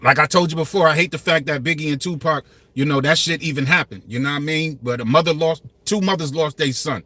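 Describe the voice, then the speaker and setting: A man's voice: on the high side, fast, pushed and bright, no echo. A man in his fifties hosting a hip-hop commentary channel, talking passionately and emphatically in street slang. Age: 50s. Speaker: channel host.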